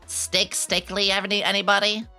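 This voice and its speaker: A woman in her thirties chatting casually on a stream, excitable and quick to break into squealing laughter. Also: mid-range voice, faint music behind.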